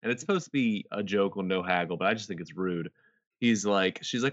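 A man in casual chat among friends, retelling commercials with lively acted-out quotes. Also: low-pitched, fast talker, dull audio. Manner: animated storytelling, acts out quotes.

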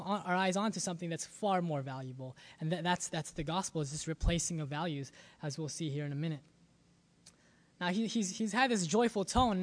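A man preaching a sermon as a pastor, earnest and often repeating words as he searches for the next thought. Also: high voice.

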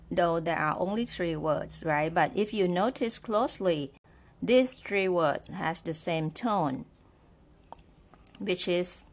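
A woman teaching a Chinese language lesson, explaining step by step, repeating example phrases and often checking in with "right?". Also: on the low side. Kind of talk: slow, patient spoken lesson.

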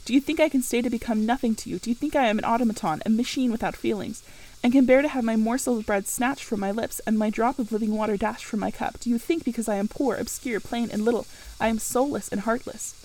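Impassioned young governess, proud and earnest, read by a woman in a storybook reading, voice a touch high. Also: fast talker, a little mellow, lightly acted, rough recording.

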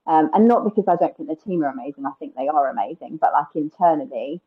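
Low, husky-voiced woman. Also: quick pace, phone-quality sound. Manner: chatty, frequent "like" and "um" fillers. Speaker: guest, wedding planner. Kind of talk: casual podcast interview.

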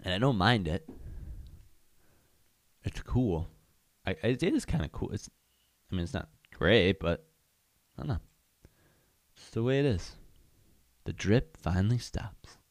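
A man's voice: lowish voice, animated, unhurried, pauses often, no echo, studio quality. A young man hosting a podcast, chatting casually and candidly on his own, rambling with lots of fillers. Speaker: podcast host. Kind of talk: casual solo chat.

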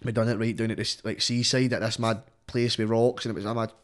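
A young Scottish man, a guest rapper on a podcast, chats casually in a fairly low, level voice at a fast clip. He rambles and swears, dropping "mate" into nearly every line.

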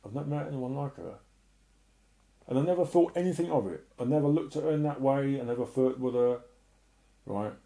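A middle-aged man sharing an emotional personal testimony and preaching in an earnest way, often sinking to a soft murmur. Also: medium pitch, animated, a little fast, creaky, long pauses. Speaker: Christian speaker.

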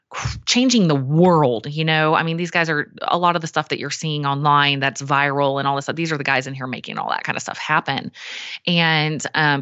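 A woman, a coach and guest, telling a story in a chatty, animated way with many fillers. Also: sits low, no echo, lo-fi sound. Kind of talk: casual storytelling.

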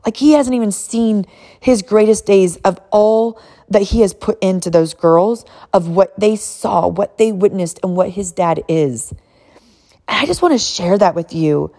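A mother in her thirties speaks at an unhurried pace in a mid-range voice, telling an emotional, animated family story. She laughs often and encourages other mothers.

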